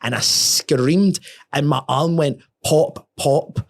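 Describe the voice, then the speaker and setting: A young man, a podcast guest telling a story in casual talk, sweary and animated, often restarting his words. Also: fairly high pitch, slow, vocal fry.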